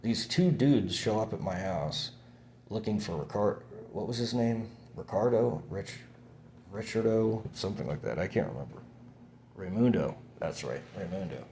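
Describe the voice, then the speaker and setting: A young man with a deep, low-pitched voice recounts events in a loose, meandering monologue. He swears often and trips over restarts and fillers. A faint background hiss sits under the recording. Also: lively intonation, normal speed, mellow. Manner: rambling, profane, many fillers and restarts.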